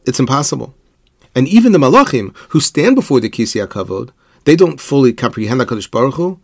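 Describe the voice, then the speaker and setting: Man giving a measured religious lesson. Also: medium pitch, very animated, no room sound, clean studio sound. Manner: measured explanatory delivery, posing rhetorical questions; weaves Hebrew quotations into English. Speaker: Torah teacher. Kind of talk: religious lecture.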